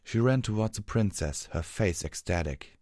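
A man reading a fantasy story aloud as narrator, steady and measured. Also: on the low side, no echo, clean studio sound.

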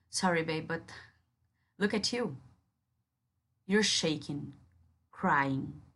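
A woman's voice: deep voice, extremely slow, pauses often, fairly bright tone, slightly rough. A woman in an audio role-play who speaks straight to the listener as a firm, commanding yet caring partner.

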